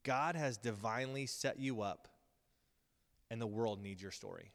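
A man's voice: mid-range voice, unhurried, fairly bright tone. A man in his thirties teaching at a Bible school in a casual, earnest sermon style, with frequent ums and restarts. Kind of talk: conversational sermon. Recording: long reverb of a hall.

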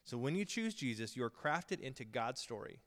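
A man's voice: mid-range voice, very animated, normal speed, a bit bright. A man in his thirties teaching at a Bible school in a casual, earnest sermon style, with frequent ums and restarts. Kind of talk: conversational sermon. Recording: long reverb of a hall.

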